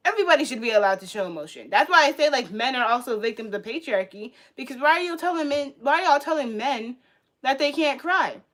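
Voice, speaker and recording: A woman ranting to her viewers on a livestream, blunt and profane, swinging between loud outbursts and low muttering. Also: animated, quick pace. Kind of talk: casual rant to viewers.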